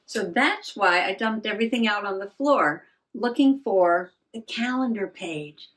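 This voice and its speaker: A woman's voice: medium pitch, lively intonation, unhurried, a bit bright. An older woman vlogging in a rambling, self-mocking way, laughing often and a little out of breath. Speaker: journaling vlogger. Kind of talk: casual chat.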